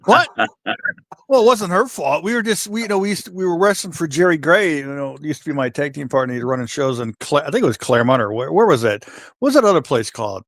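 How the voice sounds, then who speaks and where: An older former wrestler spins wild road stories on a podcast, bouncing into squeaky voices whenever he quotes someone. His voice sits a bit high, and the sound is dry and close with no room around it. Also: fast, no room sound. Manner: animated anecdote teller, jumps to high voices for quotes. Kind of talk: casual storytelling chat.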